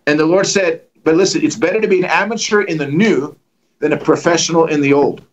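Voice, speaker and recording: High-voiced animated male evangelist. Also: fairly quick, lo-fi sound. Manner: animated, acts out quotes, joking. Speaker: guest evangelist. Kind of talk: storytelling in a livestream conversation.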